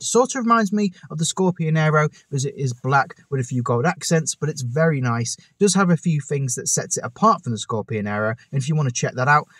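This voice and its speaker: A man's voice: on the high side, no echo. Chatty man hosting his car channel. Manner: chatty, enthusiastic, self-correcting asides. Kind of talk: casual talk to camera. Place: outdoors on a hot day. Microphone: camera on a tripod.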